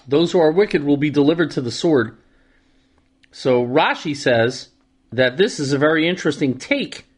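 Male Torah teacher, slightly high voice, explains verse by verse with dry humor. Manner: reads Hebrew verses then translates and explains, wry asides. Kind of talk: verse-by-verse scripture lesson.

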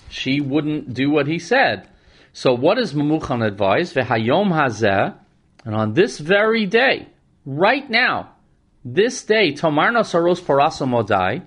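A man giving a lecture on scripture, reading and chanting Hebrew verses in between, with a lively and wry way of talking. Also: on the high side. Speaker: Torah teacher.

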